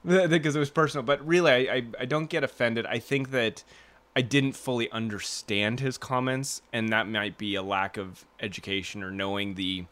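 Bright-voiced man rambling on a podcast. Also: medium pitch, steady tone, moderate pace. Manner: rambling, self-interrupting, laughs often. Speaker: podcast co-host. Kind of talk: casual chat.

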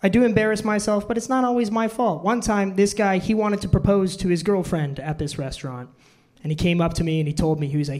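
A man's voice: a little high, steady tone, fairly quick, a little mellow. A man in his twenties doing a self-deprecating stand-up routine on a club stage, telling awkward stories to a laughing audience. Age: 20s. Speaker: stand-up comedian.

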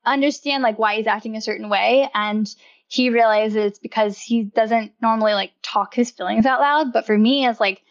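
A young woman chats as a podcast guest, rambling warmly with constant "like" fillers and frequent laughter. Her voice sits a little high. The recording sounds slightly dull and muffled. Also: moderate pace. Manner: chatty, laughs often, heavy use of "like". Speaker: podcast guest, wellness writer. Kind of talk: casual interview chat.

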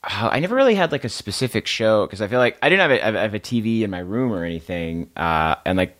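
Rambling man with a very lively voice. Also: on the low side, fast. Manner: rambling, hesitant, with lots of fillers. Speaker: podcast guest. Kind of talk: casual comedic chat.

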